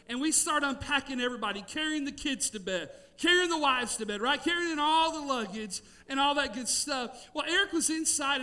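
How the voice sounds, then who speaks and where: A middle-aged man, preaching a sermon with emphatic, drawn-out key words and storytelling. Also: very high voice, sharp tone, clear, resonant tone, far from the mic. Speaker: pastor.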